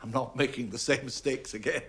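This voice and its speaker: A gentle, persuasive elderly tycoon in a film. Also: male voice, mid-range voice, steady tone, a little fast, slightly rough. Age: older. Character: genial elderly male park founder. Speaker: film character.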